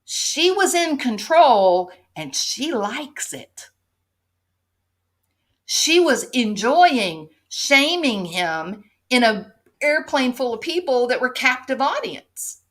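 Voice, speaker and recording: Sarcastic woman, slow lively commentary. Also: high-pitched. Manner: sarcastic, rhetorical tag questions. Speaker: commentary show host. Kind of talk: opinion commentary to camera.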